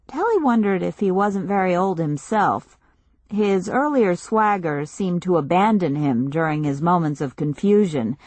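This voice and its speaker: Slow, low-voiced woman narrating a novel. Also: no echo. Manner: measured, even storytelling. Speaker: audiobook narrator. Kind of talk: scripted narration.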